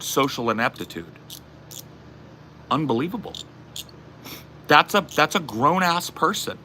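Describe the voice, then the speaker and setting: A man's voice: a little high, expressive, measured pace, long pauses, sharp tone, slight background noise. A man with a general Californian accent, from the southern US, ranting sarcastically to his chat. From southern United States. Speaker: streamer. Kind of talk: casual live-stream chat.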